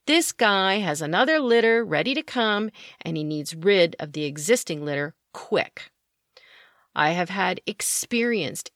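A woman's voice: medium pitch, no room sound, studio quality. A woman hosting her own podcast, delivering opinionated commentary with indignant, sarcastic asides and emphatic outbursts. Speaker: podcast host.

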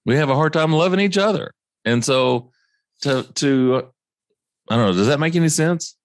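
A man's voice: on the high side, animated, normal speed, no echo, studio quality. A man hosting a podcast in casual chat, thoughtful and asking probing questions. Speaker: podcast host.

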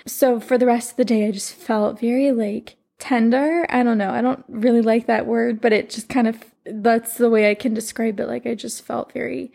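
A woman's voice: a little high, fairly even intonation, normal speed, creaky, few pauses, dark tone. A woman in her twenties, a podcast host and life coach, telling a personal story in a rambling, earnest way full of "like". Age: 20s. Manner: rambling, heavy on "like", emotional and earnest.

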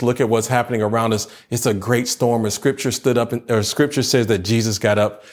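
A man preaching a sermon in an earnest style, building his points through repetition. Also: lowish voice. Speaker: pastor.

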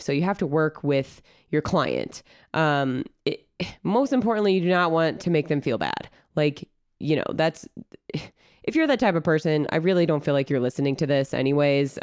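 A woman co-hosts a casual fitness podcast, her voice a little nasal from a recent cold. She sounds smooth and clear in a dry, close recording, and gives easygoing coaching advice full of fillers. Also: low-pitched, moderate pace, no room sound. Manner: relaxed, filler-heavy, coaching tone. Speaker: podcast co-host and trainer.

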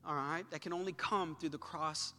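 A man's voice: a little high, fairly even intonation, normal speed. Impassioned male preacher in a reverberant hall. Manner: impassioned preaching, swelling louder in prayer. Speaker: pastor. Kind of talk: sermon. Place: church sanctuary. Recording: church hall reverb with soft music.

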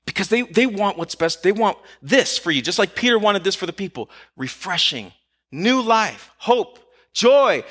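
Male preacher, lively and casual, high bright tone, acts out quotes. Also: normal speed. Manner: animated, acts out quotes, rhetorical questions. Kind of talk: conversational sermon.

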